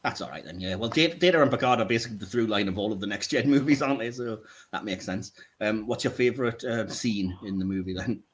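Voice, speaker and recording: A man's voice: on the low side, fast, few pauses. Man, podcast host, casual chat, teasing, frequent laughter.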